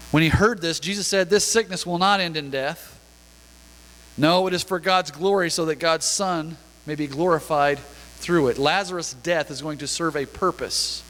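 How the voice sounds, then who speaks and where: Bright-voiced pastor in a reverberant hall. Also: male voice, on the high side. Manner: conversational, reading scripture aloud. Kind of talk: sermon. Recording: long reverb of a church hall.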